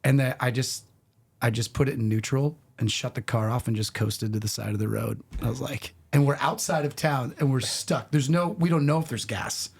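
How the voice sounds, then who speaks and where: Male podcast guest, middle-aged, lively rambling storyteller. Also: mid-range voice, moderate pace, creaky, slightly rough. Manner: animated, rambling anecdotes with restarts. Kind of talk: casual storytelling.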